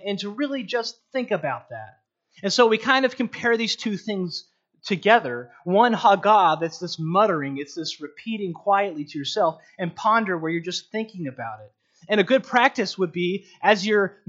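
A man giving an earnest, unhurried teaching on meditating on scripture, often restarting his sentences. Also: sits high, a bit bright. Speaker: Bible teacher. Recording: dull lo-fi recording.

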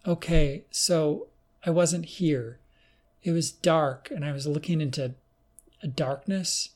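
A man reading an audiobook, voicing a shaken young woman student who speaks in a hesitant, halting way. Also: a little high, a little mellow, pitched above the performer's own voice.

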